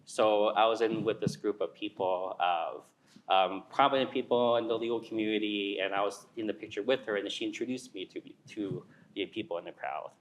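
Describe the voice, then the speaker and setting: A man's voice: on the low side, fairly quick, slight background noise, poor audio. A man on an alumni panel, earnest and hesitant, with many ums and likes. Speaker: alumni panelist, nonprofit fundraiser. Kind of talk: personal panel talk.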